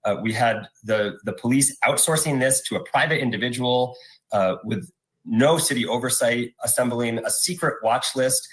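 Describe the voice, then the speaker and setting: A man speaking as a legal advocate in a news interview clip, measured and emphatic. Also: medium pitch, a bit bright, low-quality recording.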